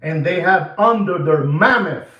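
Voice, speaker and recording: A man's voice: fairly high pitch, measured pace, echoey room, muffled recording. A man hosting a watch channel livestream, ranting in a repetitive, emphatic way to his viewers. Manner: repetitive, animated, emphatic, addresses ladies and gentlemen. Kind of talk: livestream rant.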